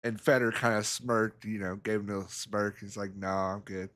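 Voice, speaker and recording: Low-voiced male pool commentator. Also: flat delivery, a little fast, a bit bright. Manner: rambling storyteller, chuckles often. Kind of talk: casual commentary with anecdotes.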